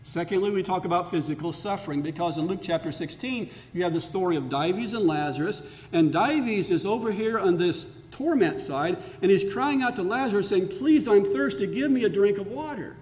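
An earnest male pastor preaches with a high voice that climbs for emphasis. His sermon rings out with long reverb in a church sanctuary. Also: expressive, fairly quick, hardly any pauses.

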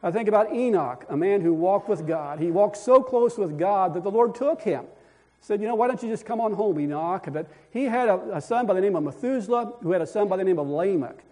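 Older male preacher, high-ish voice, folksy and rambling, chuckles, lots of restarts. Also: lively intonation, brisk, warm tone. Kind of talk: folksy storytelling sermon.

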